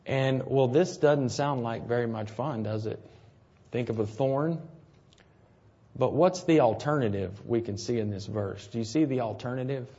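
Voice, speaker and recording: Male preacher, mid pitch, easy conversational sermon delivery with rhetorical questions, slightly lo-fi recording. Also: moderate pace, dark tone, breathy edge. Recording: slightly dull, lo-fi sound.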